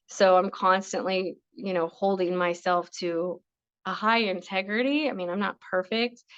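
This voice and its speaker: Brief: middle-aged woman, life coach guest, earnest and rambling, mid-pitched voice, muffled and dry recording. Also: dry recording. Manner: earnest, rambling, with many restarts and fillers. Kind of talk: casual interview chat. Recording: dull, dry sound.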